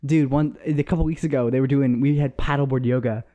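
A man's voice: mid-range voice, fairly even intonation, brisk, dark tone, lo-fi sound. A young man co-hosting a casual podcast, teasing his friend with sarcastic, joking banter. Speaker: podcast co-host. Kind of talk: casual chat.

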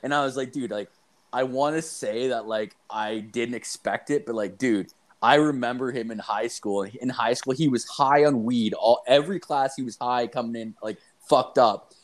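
A man's voice: mid-range voice, moderate pace. Profane rambling young man telling stories. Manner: profane, rambling, animated storytelling with many fillers. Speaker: storyteller in a casual chat. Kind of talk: casual chat.

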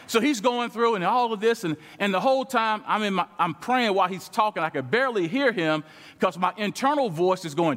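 A man preaching as a guest speaker, telling a story in a lively way and acting out the conversation as he goes. His voice sits high for a man. The sound rings with long reverb, as in a large church sanctuary. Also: brisk. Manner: animated, acts out quoted dialogue with shifting pitch. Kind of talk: sermon storytelling.

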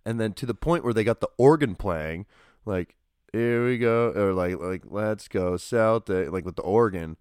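A man co-hosting a podcast, chatting casually about basketball in a rambling, animated way, full of fillers and restarts. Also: lowish voice, normal speed, clean tone, no echo, studio quality. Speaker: podcast co-host. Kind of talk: casual sports chat.

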